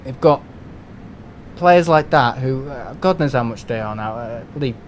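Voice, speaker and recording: A man's voice: mid-range voice, expressive, moderate pace, a little hiss or hum. A man from England chatting casually and rambling on a live game stream from home, with lots of restarts and fillers.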